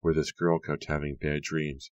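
A man reading an audiobook, voicing a calm, soft-spoken teenage girl. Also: rumbling low, normal speed, no echo, lo-fi sound. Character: teenage girl, a calm, level-headed friend.

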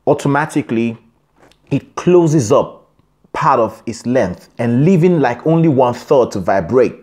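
A man's voice: mid-range voice, expressive, unhurried, darkish tone. A man teaching a singing lesson, explaining in short phrases and singing examples. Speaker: singing coach. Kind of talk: vocal lesson with sung examples.

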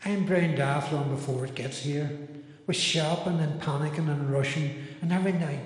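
A man's voice: a little high, normal speed, close to an everyday voice. A man voicing a harried middle-aged mother, reciting a comic rhyming poem that grumbles about Christmas shopping. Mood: grumbling. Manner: rhyming, complaining, nostalgic recitation. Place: church hall. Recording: roomy hall with music behind.

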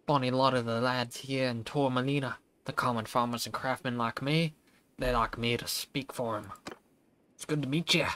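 A man voicing a gruff old male farmer who speaks for his village, in a put-on Scottish brogue, reading game dialogue aloud. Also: mid-range voice, steady tone, moderate pace, fairly bright tone, natural voice. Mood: hearty.

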